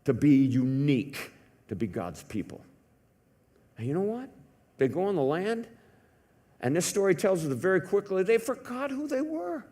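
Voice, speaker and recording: A man preaching a sermon in a church, telling a story in a conversational way, swinging from hushed to loud. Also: sits high, sing-song, a little slow, long pauses. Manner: conversational with many fillers. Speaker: pastor.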